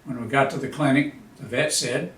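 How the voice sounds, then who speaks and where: A man's voice: medium pitch, fairly even intonation, moderate pace, a bit bright. A man in his seventies, a veteran, reading his own memoir aloud in a dry, understated storytelling manner. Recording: echoey room, voice a bit far from mic.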